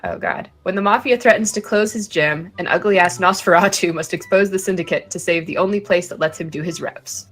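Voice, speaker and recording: A woman's voice: fairly low pitch, brisk, few pauses, soft background music. A woman chatting playfully while playing a video game, reading game text and giggling between lines. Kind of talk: casual gaming chat.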